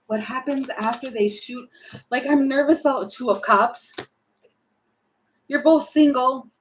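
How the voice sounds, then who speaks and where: A woman doing a casual tarot reading, thinking aloud and animated, with many fillers and restarts. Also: fairly high pitch, a little hiss or hum, poor audio. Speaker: tarot reader.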